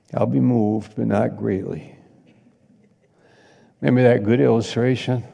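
A man preaching a sermon as a pastor, slow and halting with frequent restarts. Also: medium pitch, gravelly, mellow, in a large hall.

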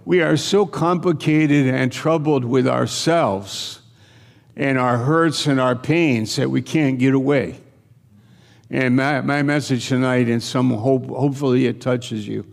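A man's voice: mid-range voice, measured pace, vocal fry, big-room sound. A man preaching a sermon in an earnest, conversational way, repeating his phrases for emphasis.

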